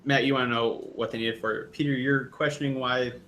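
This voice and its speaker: A man running a tabletop game as game master, narrating hesitantly with many pauses and fillers. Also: mid-range voice, steady tone, a bit bright, a little hiss or hum.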